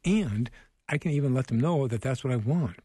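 A man who works as a counselor, a radio guest giving gentle, earnest advice and explaining patiently. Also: medium pitch, animated, fairly quick, breathy edge, dry recording. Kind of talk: advice on a radio talk show.

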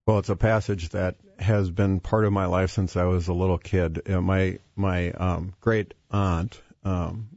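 A man's voice: low-pitched, fairly even intonation, a little slow, few pauses, darkish tone, no room sound. A man guest talking about faith in a hesitant way, with many fillers and restarts. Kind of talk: faith-based conversation. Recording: dull, dry lo-fi sound.

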